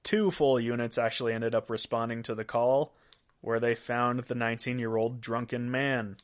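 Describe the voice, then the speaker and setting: A man's voice: medium pitch, level tone, moderate pace. Man hosting a jokey news podcast. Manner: jokey, laughs at his own stories. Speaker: podcast host. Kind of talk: casual news commentary.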